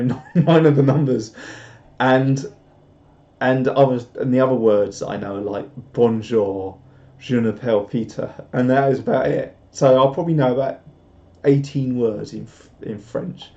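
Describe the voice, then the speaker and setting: A man's voice: medium pitch, mellow. A British man hosting a casual live stream and chatting through viewer comments in a rambling, self-deprecating way, chuckling often. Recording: dull lo-fi stream audio.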